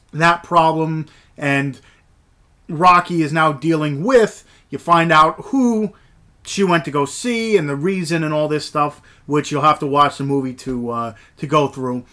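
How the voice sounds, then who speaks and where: A man gives a casual, rambling movie review in a fairly high, slightly bright voice, full of fillers and enthusiasm. It's recorded on a camera mic with movies shelved behind him.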